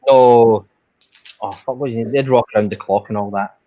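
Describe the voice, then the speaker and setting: A man's voice: on the low side, steady tone, fairly quick, warm tone, no echo. An Irish man rambling through a story in casual chat, swearing freely. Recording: dull lo-fi sound.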